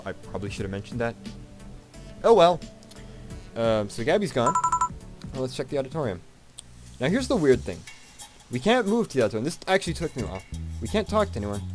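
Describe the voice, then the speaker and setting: A man's voice: medium pitch, fast talker, pauses often. A man casually commenting on a visual novel as he plays, rambling and swearing freely. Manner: animated, rambling, profane. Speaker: let's play host. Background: game music.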